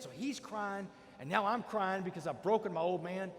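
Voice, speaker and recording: A man in his forties with a Texan accent, giving a motivational speech and telling his life story with energetic, emphatic storytelling. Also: high-pitched, normal speed. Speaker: motivational speaker. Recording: hall with long reverb.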